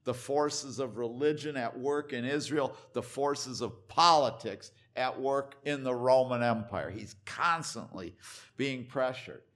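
An older man preaching a sermon as pastor in a church, emphatic and repetitive, swinging between loud stresses and hushed asides. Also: medium pitch, unhurried.

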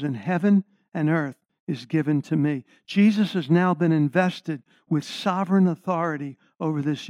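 A man's voice: a little high, darkish tone, no echo. A middle-aged man preaching a sermon, stressing key words and putting questions to the congregation. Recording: slightly dull lo-fi sound.

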